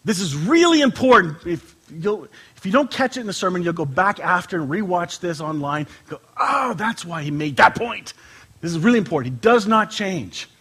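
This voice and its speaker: A male pastor giving a conversational sermon to his congregation, joking in asides and slowing down to stress scripture. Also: sits high, animated, a bit bright, breathy edge. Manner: conversational, emphatic, playful asides, drawn-out scripture reading. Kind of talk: informal sermon with scripture reading. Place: church sanctuary with a congregation.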